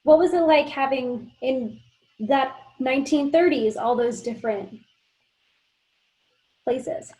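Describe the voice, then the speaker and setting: A woman's voice: high-pitched, takes it slowly, long pauses, dark tone, poor audio. A woman interviewing a guest, asking short casual questions.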